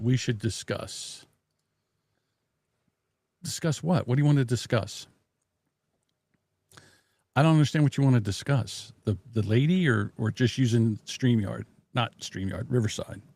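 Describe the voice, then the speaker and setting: A man hosting a casual live stream from his home desk, muttering to himself as he fiddles with the software and making blunt, profane jabs. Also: mid-range voice, moderate pace, gravelly, no room sound. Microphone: desk microphone.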